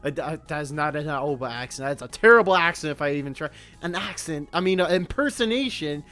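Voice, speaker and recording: Animated, ranting VTuber commentary. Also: medium pitch, brisk. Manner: animated, ranting, joking asides. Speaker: VTuber reacting to a game. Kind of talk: casual reaction commentary.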